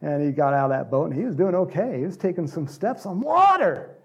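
A man's voice: on the high side, sing-song, a little fast, gravelly, husky. A man preaching a conversational sermon as a pastor, acting out Bible characters in little voices.

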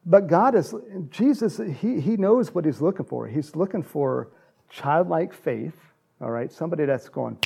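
A middle-aged man from the United States giving a loose, conversational sermon. His voice is gravelly and dark, sitting a touch high for a man. He rambles through anecdotes with restarts and chuckles. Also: lively intonation, normal speed, a little hiss or hum. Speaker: preacher.

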